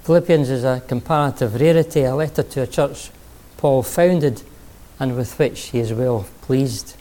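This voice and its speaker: A man preaching a sermon, telling a story and then speaking earnestly, sometimes pausing to rephrase. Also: mid-range voice, warm tone.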